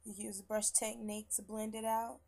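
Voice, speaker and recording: A woman's voice: medium pitch, flat delivery, brisk, vocal fry, warm tone. Chatty, rambling young woman vlogger. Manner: chatty and rambling, swears freely. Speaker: beauty vlogger. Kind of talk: casual makeup tutorial. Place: at home after work.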